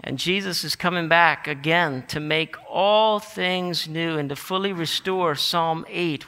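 A man with a high, ringing, very bright voice preaches a sermon, swelling into emphatic declarations. His words carry a long reverb, as though spoken in a big church sanctuary. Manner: animated, rising to emphatic declarations.

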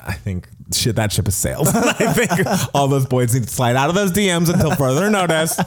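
A man's voice: on the high side, big pitch swings, moderate pace. Guy cohosting a podcast, chatty and giggly, keeps doing silly voices for quotes. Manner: chatty, laughs often, jokey voices for quotes. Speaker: podcast co-host. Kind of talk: casual chat.

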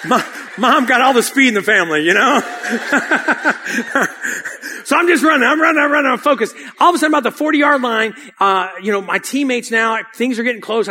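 Bright high-voiced preacher man. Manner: lively and casual, often says "dude". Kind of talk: storytelling sermon.

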